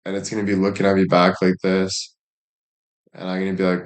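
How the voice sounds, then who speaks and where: A man's voice: low voice, completely flat delivery, fairly quick. A man chatting casually as a streamer, rambling along with heavy swearing and plenty of filler words. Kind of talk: casual chat.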